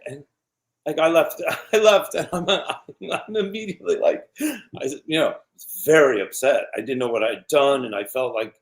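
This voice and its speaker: Man, fifties, from New York, interview guest, animated storyteller, middle pitch. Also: normal speed. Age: 50s. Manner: animated anecdotes with laughs and quoted voices. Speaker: actor guest.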